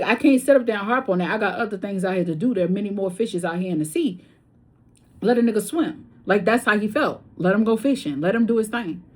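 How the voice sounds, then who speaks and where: Husky, blunt-talking woman tarot reader. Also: medium pitch. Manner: chatty, blunt and profane, swinging between loud and hushed. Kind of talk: casual tarot reading with storytelling.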